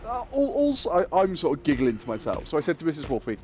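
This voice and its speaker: A middle-aged man streaming a game, casually telling an animated story and acting out the people in it. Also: a little high, quick pace, slight background noise. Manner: animated, acts out quoted people, swears freely. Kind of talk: casual storytelling while gaming.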